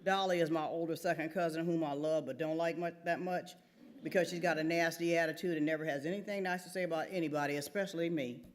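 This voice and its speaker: A woman's voice: deep voice, steady tone, fast talker. Woman author, reading aloud, wry, conversational, live theater event. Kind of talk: reading her novel aloud.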